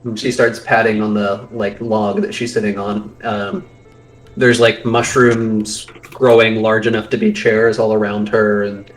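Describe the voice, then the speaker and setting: A man's voice: lowish voice, flat delivery, unhurried, faint music behind, poor audio. A young man narrating a tabletop game as game master, casual and full of fillers.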